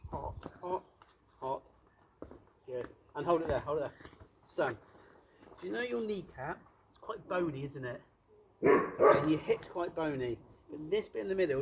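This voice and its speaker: A man coaching children through a ball drill on an outdoor pitch, encouraging and playful. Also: gravelly, a little hiss or hum.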